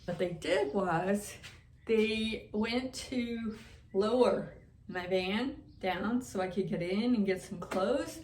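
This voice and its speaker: A woman vlogger telling a story to the camera in a casual, animated way, often repeating herself. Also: mid-range voice, slow, roomy sound, a little hiss or hum. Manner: animated, repetitive retelling. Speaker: van-living vlogger.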